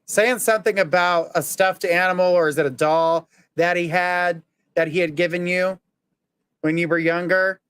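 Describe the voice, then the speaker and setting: Male psychic medium, slightly high voice, smooth and clear, live reading. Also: fairly even intonation, moderate pace, fairly bright tone, no room sound, clean studio sound. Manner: earnest, reassuring, relays messages in the first person.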